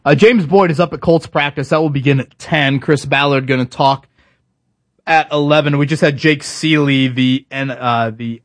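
This sports radio co-host has a fairly high male voice and a moderate pace. Chatting casually on the show, he stops and starts often, filling gaps with fillers and restarting sentences. There's no echo.

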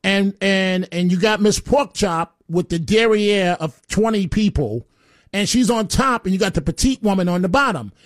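High-voiced, rambling talk radio host. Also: male voice, lively intonation, moderate pace, dry recording, clean studio sound. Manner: rambling and opinionated, with stammered restarts.

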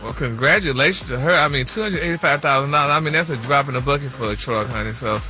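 A man's voice: mid-range voice, quick pace, bright, forceful tone, faint music behind. A man hosting a celebrity gossip segment on the radio, sassy and full of "honey" and "y'all". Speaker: celebrity news host.

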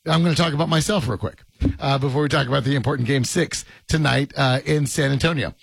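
A man's voice: mid-range voice, fast, gravelly, fairly bright tone, husky, dry recording. A man hosting a sports radio show in casual banter, joking and rambling with frequent laughs.

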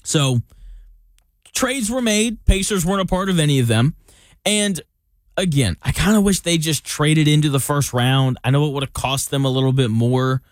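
A young male sports talk host with a somewhat high voice, recorded dry and close with no room sound. He talks casually and opinionatedly, tossing in jokey asides as he makes his case. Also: normal speed, dry recording.

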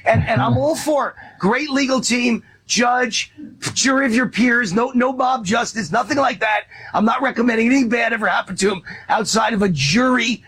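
A man's voice: extremely high pitch, fairly bright tone, low-quality recording. A male talk show host speaking bluntly and emphatically, raising his voice to stress a point. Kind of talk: conversational interview.

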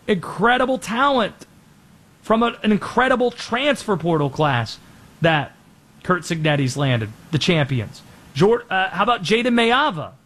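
A man hosts a sports talk show, firing off quick, energetic opinions and reading an ad spot. His delivery is fast and lively, with big swings in pitch.

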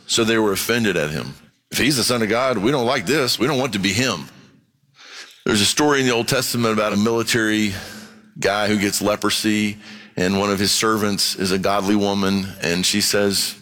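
A middle-aged man preaching a sermon as pastor, animated and dramatic, jumping up in pitch for emphasis. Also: moderate pace.

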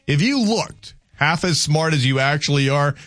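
Guy radio host rambling and joking, a bit high voice, dry studio mic. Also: animated, normal speed, a bit bright, no echo. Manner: rambling, many restarts, joking. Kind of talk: casual morning radio chat. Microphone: studio microphone.

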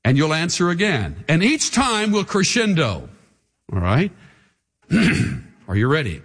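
A man's voice: on the high side, wildly swooping pitch, measured pace, a bit bright, husky. A male pastor preaching a dramatic sermon, leading the congregation in call and response. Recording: reverberant hall with faint music.

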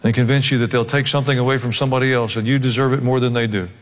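A man's voice: mid-range voice, fairly even intonation, rapid-fire. A male pastor preaching a sermon, swinging between joking asides and emphatic exhortation. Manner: humorous asides, emphatic rising delivery. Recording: long hall reverb.

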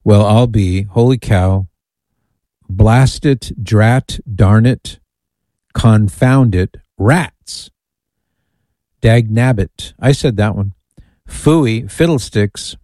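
A man's voice: fairly low pitch, very slow, pauses often, warm tone, dry recording. A man hosting a call-in radio show, playfully reading out lists with amused asides. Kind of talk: casual talk radio.

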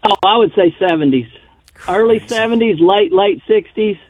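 A man's voice: high voice, moderate pace, darkish tone. A man calling in to a radio show, telling a story in a folksy, rambling way. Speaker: radio caller. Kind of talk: casual storytelling on a call-in show. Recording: tinny phone line.

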